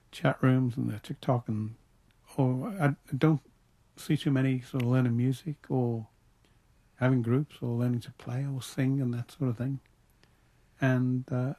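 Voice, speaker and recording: A man's voice: medium pitch, mellow. An older man from Liverpool with a Liverpool accent, thinking back as an interview guest with frequent restarts. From Liverpool, England. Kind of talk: radio interview.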